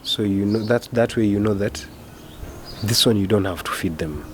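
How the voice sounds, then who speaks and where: A man's voice: fairly low pitch, normal speed, a little hiss or hum. A man, a dog owner, talking casually in an interview, plain and matter-of-fact, repeating himself for emphasis. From Kenya.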